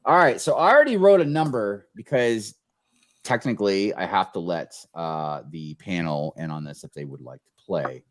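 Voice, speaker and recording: A man's voice: low-pitched, expressive, moderate pace. A man hosting a live-stream chat show, exclaiming and apologizing in a sing-song way as he runs a giveaway. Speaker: host.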